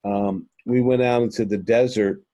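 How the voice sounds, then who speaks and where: A man tells his story as an interview guest, full of ums and restarts, calling his listeners "folks." His voice is mellow and warm. The sound is dry, with no room around it. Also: fairly low pitch, fairly even intonation, moderate pace, no echo. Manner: rambling, many fillers and restarts; earnest, addresses listeners as folks. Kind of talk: recounting a personal experience.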